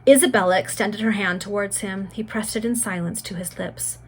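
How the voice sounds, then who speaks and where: A woman reads a Victorian serial novel aloud among friends. Her narration is steady and measured, with a plain storybook tone. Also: mid-range voice, husky, poor audio. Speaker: reader.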